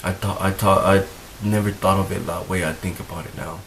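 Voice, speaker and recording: A man's voice: low voice, steady tone, a little fast, gravelly, a bit bright, slight background noise, low-quality recording. A young man talking earnestly to his viewers in a heartfelt vlog, rambling and repeating himself as he gets emotional. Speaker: vlogger. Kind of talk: earnest talk to camera.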